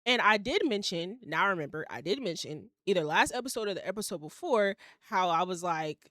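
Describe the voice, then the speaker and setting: A woman's voice: on the low side, animated, fairly quick, a bit bright, dry recording, studio quality. A young woman hosting her own podcast in casual solo chat, blunt and candid, laughing at herself as she talks. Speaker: podcast host. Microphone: home setup on shaky wifi.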